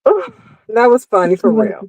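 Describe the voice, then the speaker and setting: A woman's voice: a little high, sing-song, normal speed, darkish tone, no room sound. A woman co-hosting a casual livestream chat, giggling and swearing often.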